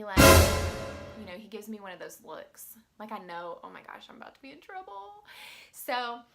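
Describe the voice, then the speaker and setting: Chatty woman teacher telling a story. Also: medium pitch. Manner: chatty, animated, many filler likes. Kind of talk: storytelling to camera.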